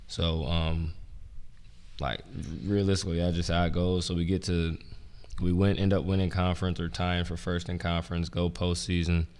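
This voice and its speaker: A young man, a former college basketball player and coach, telling stories in a relaxed, rambling way, full of "like" and "um". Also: sits low, moderate pace, smooth. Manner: relaxed, rambling, heavy use of "like" and "um". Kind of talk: casual storytelling interview. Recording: roomy with long reverb.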